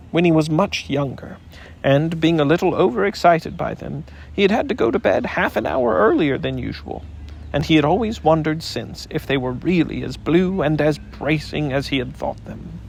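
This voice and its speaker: Lively gravelly male storyteller. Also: on the high side, a little hiss or hum. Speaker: audiobook narrator. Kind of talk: storybook audiobook narration.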